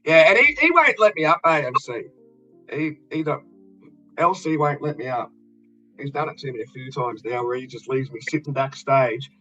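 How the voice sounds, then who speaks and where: A man's voice: on the high side, pushed and bright, muffled recording. An Australian man in blunt, profane casual chat, ranting with fired-up energy.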